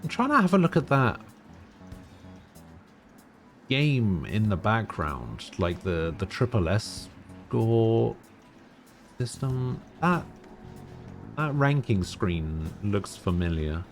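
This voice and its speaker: A man's voice: lowish voice, sing-song, slow pace, pauses often, soft background music. A man streaming a game, chatting in a rambling, casual way while yawning and tired. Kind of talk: casual gameplay commentary.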